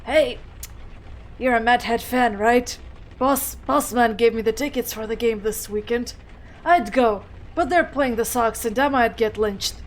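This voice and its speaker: A woman's voice: on the high side, a little slow, lightly acted. A woman reads as a casual male buddy from work in a game's messages. Breezy and joking, at an easy pace.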